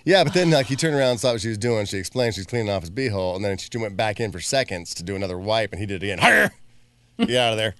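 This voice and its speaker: A man's voice: lowish voice, very fast, hardly any pauses. A man co-hosting a show, trading jokes and telling funny stories in casual banter. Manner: joking, animated storyteller. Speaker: radio show co-host.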